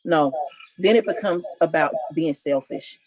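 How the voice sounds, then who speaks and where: A woman's voice: sits low, measured pace, darkish tone, rough recording. A married woman on a couples panel, talking with passion and emphasis in casual discussion.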